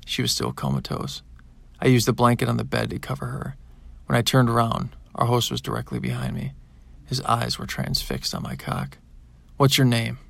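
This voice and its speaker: A man narrating a science-fiction audiobook in the first person, in a plain, even storytelling manner. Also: mid-range voice, moderate pace, creaky, no echo.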